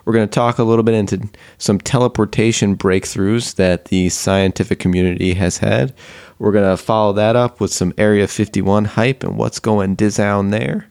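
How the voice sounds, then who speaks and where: A man's voice: on the low side, fairly even intonation, moderate pace, creaky, a little mellow, clean tone, no room sound, studio quality. A man co-hosting a podcast, chatting casually and playfully as he runs down the topics. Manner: playful, lays out topics in a run-down. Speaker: podcast co-host.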